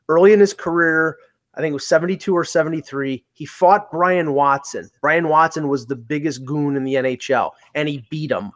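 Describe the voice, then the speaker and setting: A man with a slightly high voice talks bluntly in a casual sports chat. He puts his opinions plainly and tells quick stories as he goes.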